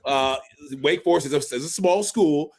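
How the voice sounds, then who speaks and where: A man in his forties co-hosting a casual sports podcast, an animated storyteller who acts out quotes as he recalls his playing days. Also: a little high, moderate pace. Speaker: podcast co-host, former NFL fullback.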